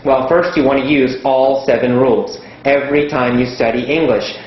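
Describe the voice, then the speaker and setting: A man teaching an English lesson, speaking slowly and emphatically and repeating words for stress. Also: medium pitch, steady tone, very echoey, highs cut off, slight background noise.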